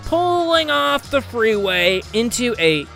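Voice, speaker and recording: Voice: medium pitch, big pitch swings, slow, creaky, a bit bright, faint music behind. A game master narrating a tabletop game in a vivid, playful, cinematic way.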